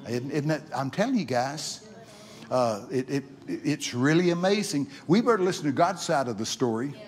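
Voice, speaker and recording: Man, preacher, church sermon, folksy, repetitive, excited outbursts. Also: a little high, moderate pace. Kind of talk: sermon with storytelling.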